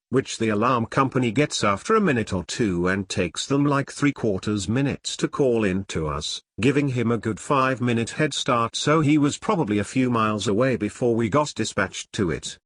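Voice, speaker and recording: A man narrating online stories aloud in a steady, matter-of-fact reading voice. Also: medium pitch, moderate pace, few pauses, dry recording.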